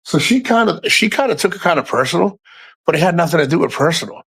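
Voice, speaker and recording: A man's voice: on the high side, expressive, fast talker, gravelly, fairly bright tone, husky. A man hosting a casual livestream, talking frankly to his chat, swearing often and rambling through asides. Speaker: livestream host.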